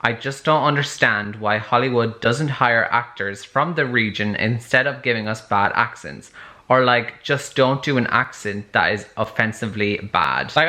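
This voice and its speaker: Chatty young man with a bright voice. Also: medium pitch. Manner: chatty and excitable, lots of "like". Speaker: book vlogger. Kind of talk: casual vlog chat. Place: home reading nook.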